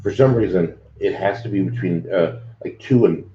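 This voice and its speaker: A man co-hosting a casual chat show, talking in a relaxed, rambling way. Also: deep voice, normal speed. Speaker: podcast co-host. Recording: echoey lo-fi room with faint noise.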